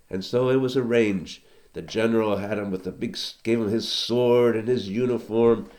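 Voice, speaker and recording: A man's voice: lowish voice, fairly even intonation, moderate pace, a little mellow. A man, a teacher, telling a story aloud to a children's class, conversational with asides to listeners.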